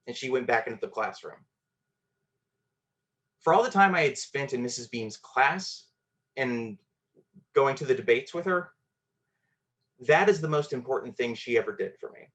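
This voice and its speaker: A man's voice: medium pitch, normal speed, long pauses, a bit bright. A man telling a personal story on a storytelling show, conversational and self-deprecating, with fillers.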